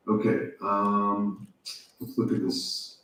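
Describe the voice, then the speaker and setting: A man's voice: on the low side, completely flat delivery, slow, a bit bright. A man in casual chat, explaining hesitantly, heard echoey and far from the mic.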